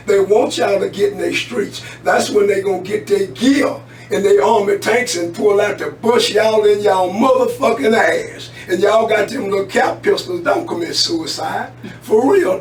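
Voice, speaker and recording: A man co-hosting a talk radio show, delivering heated, preachy commentary and swearing freely. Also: sits high. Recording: roomy, distant mic with faint hum.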